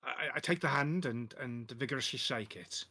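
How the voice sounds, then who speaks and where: A man at a tabletop game, stammering and halting as he narrates his character. His voice is bright and forward, recorded dry and close. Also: mid-range voice, husky, no room sound. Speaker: player. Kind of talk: casual tabletop play.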